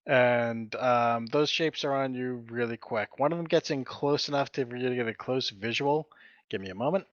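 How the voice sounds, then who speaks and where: A man narrating as game master in a streamed tabletop game. He talks in a mid-pitched voice, halting, with frequent fillers and self-corrections. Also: no room sound, lo-fi sound. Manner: halting, with many fillers and restarts.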